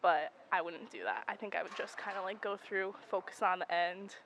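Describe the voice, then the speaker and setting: A woman's voice: mid-range voice, fairly quick, fairly bright tone, slight background noise, low-quality recording. A young woman student giving a long, rambling answer in a casual interview and thinking aloud as she talks. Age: young adult.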